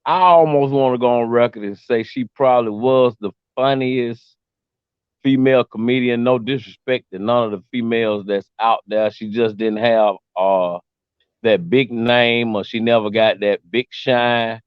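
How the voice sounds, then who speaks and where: A man interviewing a guest, speaking in an earnest, measured way. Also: medium pitch, steady tone, clear, resonant tone, dry recording. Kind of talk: casual interview. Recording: dry muffled recording.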